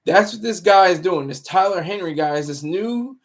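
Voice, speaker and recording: Speaking at normal speed and with plenty of expression, a man runs a casual commentary live stream from what seems to be a home setup. He rambles and moralizes, stopping to restart words, his slightly high voice roughened by gravelly fry.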